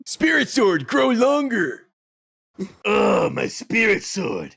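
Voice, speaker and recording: Man putting on a brash teen fighter voice, high, loud, hammy, gravelly, lively. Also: slow, exaggerated voice. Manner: loud, hammy anime impression. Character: brash teenage male street-fighter hero. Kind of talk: casual chat.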